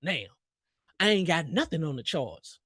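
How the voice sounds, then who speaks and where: A man's voice: on the high side, big pitch swings, measured pace, sharp tone, breathy edge, dry recording, clean studio sound. A man hosting a trading livestream, joking and talking back to the chart in casual live commentary. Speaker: livestream host and futures trader.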